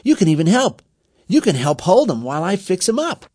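A man voicing a gentle young boy who coaxes a hurt bird in a soft, raised voice for a storybook reading. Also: sits high, very animated, fairly quick, slightly rough, dry recording, studio quality, pitched above the performer's own voice, exaggerated voice. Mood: eager. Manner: soft, coaxing.

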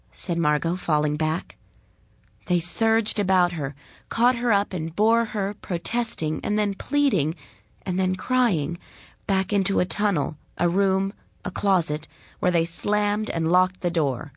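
Slow, measured woman reading a story. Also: on the low side, gravelly, no room sound, clean studio sound. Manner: calm, measured and deliberate. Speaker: narrator. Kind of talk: storybook read-aloud.

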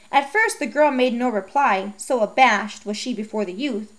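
A woman narrating a myth as a storybook reading, with a steady, measured delivery. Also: a little high.

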